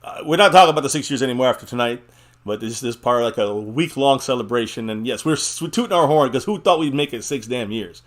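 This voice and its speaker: A man's voice: mid-range voice, animated, fast talker. A man hosting a live fan chat stream, talking casually and rambling, with frequent laughs and the odd swear.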